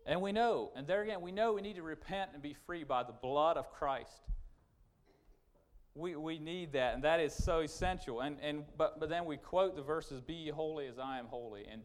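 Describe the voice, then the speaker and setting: A man preaching a sermon, emphatic and repetitive, swinging from loud urgent points to quiet asides. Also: on the high side, expressive, moderate pace. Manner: emphatic, repetitive restarts, rising and falling sharply.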